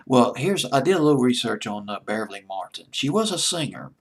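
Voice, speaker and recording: A man hosting a music show late at night, talking eagerly and rambling, sometimes dropping to a hushed near-whisper. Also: mid-range voice, very animated, fairly quick, few pauses, a little hiss or hum. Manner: enthusiastic, rambling, drops to a hushed near-whisper when gushing. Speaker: deejay host.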